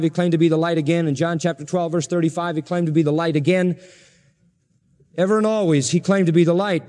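A man preaching a sermon as pastor, emphatic and repetitive, stressing key phrases slowly. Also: fairly high pitch, darkish tone, big-room sound.

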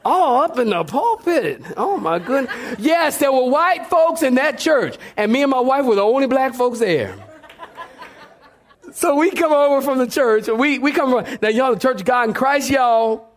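A man's voice: very high-pitched, expressive, normal speed. A man preaching a sermon to a church congregation, telling stories with humor and talking back and forth with the people. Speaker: pastor. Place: church sanctuary before a congregation.

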